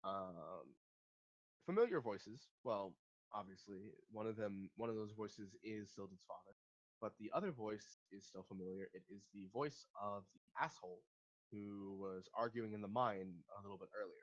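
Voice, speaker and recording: A man's voice: fairly low pitch, normal speed, muffled recording. A man narrating a tabletop game as game master in a casual, hesitant way with many fillers.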